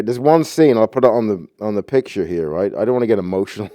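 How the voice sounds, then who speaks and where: A man's voice: lowish voice, moderate pace, dark tone, dry recording. A man ranting about a movie in a profane, agitated, rambling way.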